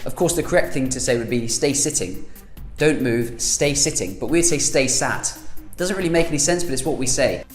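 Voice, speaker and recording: A man with a British accent giving an online pronunciation lesson, repeating example phrases slowly for emphasis. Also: mid-range voice, animated, reverberant, faint music behind. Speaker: language teacher.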